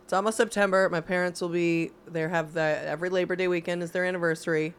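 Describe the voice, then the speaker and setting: A middle-aged woman co-hosting a podcast in casual chat, reflective and encouraging with quick supportive replies. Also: on the low side, steady tone, clear, resonant tone. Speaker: podcast co-host.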